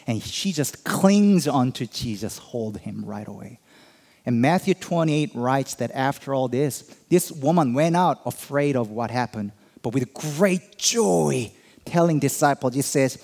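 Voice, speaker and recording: A male pastor delivering a sermon with a voice that sits at an ordinary middle pitch. He leans into his points, climbing in pitch and volume for emphasis and pulling back into quiet for tender lines. He acts out the quoted voices as he speaks. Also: animated. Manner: preaching with swelling emphasis, dramatic pauses, quoted voices.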